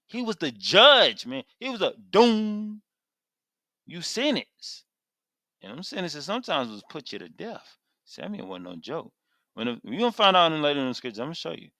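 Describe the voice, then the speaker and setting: A man teaching scripture with big swings in pitch, rising high when stirred and dropping low to muse. His voice is bright and forceful and sounds close and dry. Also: very animated, moderate pace, dry recording. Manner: emphatic, retells scripture in casual vernacular. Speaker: Bible teacher. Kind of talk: animated Bible teaching.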